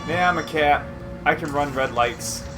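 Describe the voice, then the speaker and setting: A man's voice: fairly high pitch, normal speed, music in the background, rough recording. A man co-streaming a video game, talking in a dry, teasing way. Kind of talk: casual gaming commentary.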